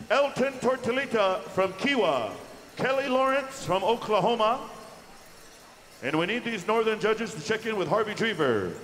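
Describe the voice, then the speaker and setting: A man working as pow wow announcer, calling out names slowly and drawing them out over a microphone in a large indoor arena. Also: high-pitched, a bit bright, a little hiss or hum. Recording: echoey arena PA from far off.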